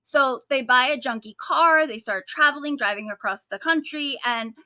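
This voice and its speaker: A woman's voice: high-pitched, normal speed, no echo, studio quality. A woman co-hosting a true-crime podcast, retelling the story in a casual, sarcastic way, full of "like"s. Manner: animated, sarcastic storytelling with frequent likes. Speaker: podcast co-host.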